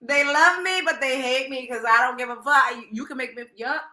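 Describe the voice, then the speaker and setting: High-pitched and sharp in tone, this talk show host speaks fairly quickly. She's a young adult woman laughing frequently as she hands out crude, no-nonsense advice in a relaxed monologue.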